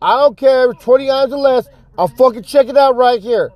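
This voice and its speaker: A man imitating a loud, defiant male shopper who announces he won't wait in line. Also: very high voice, moderate pace, no echo, voice pushed up. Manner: loud, proclaiming to a crowd.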